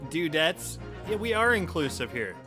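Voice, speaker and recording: A man's voice: fairly high pitch, sing-song, normal speed, music in the background. A man hosting a casual livestream, jokey and upbeat as he greets viewers. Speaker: livestream host. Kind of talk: casual stream chat.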